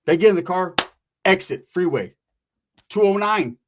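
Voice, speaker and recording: A man's voice: sits high, lively intonation, moderate pace, noisy background. A young man telling a crude, slangy comic story, tagging lines with "right?".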